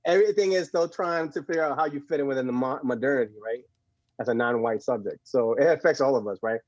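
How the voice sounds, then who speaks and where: Fast-talking animated man, muffled dry sound. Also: mid-range voice, no room sound. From Puerto Rico. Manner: animated storyteller, laughs often, repeats words. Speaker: podcast guest. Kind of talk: casual conversation.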